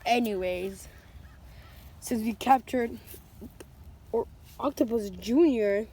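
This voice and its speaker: Excitable woman narrating toy play. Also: fairly high pitch, slow pace, breathy edge. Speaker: host.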